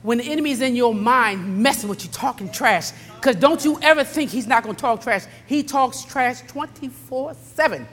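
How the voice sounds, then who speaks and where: A middle-aged woman preacher with a high voice delivers a sermon, calling out to the saints in the congregation. She drops into low, chatty storytelling, then climbs to fervent, shouted exhortation. Her voice rings with a long reverb in a large sanctuary. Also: expressive, normal speed, few pauses, faint music behind. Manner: swings from low conversational talk to fervent shouting.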